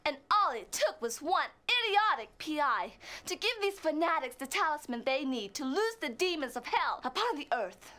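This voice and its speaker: A woman's voice: sits high, very animated, moderate pace, hardly any pauses, sharp tone, heavily acted. An actress playing a cold, ruthless female crime boss in a video game, speaking in imperious, clipped threats. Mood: furious. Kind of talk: full-motion video game acting.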